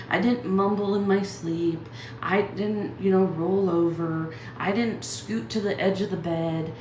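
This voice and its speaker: A woman's voice: lowish voice, fairly even intonation, unhurried, a little mellow, roomy sound, a little hiss or hum. Angry, swearing woman ranting. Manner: heated, emphatic, swears constantly, rhetorical questions. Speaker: channel host ranting. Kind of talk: angry profane rant to camera.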